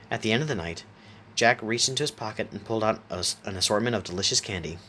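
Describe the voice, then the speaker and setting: A man narrating a horror story aloud in a steady reading voice, sometimes stopping to correct a word. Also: fairly low pitch, brisk, slight background noise.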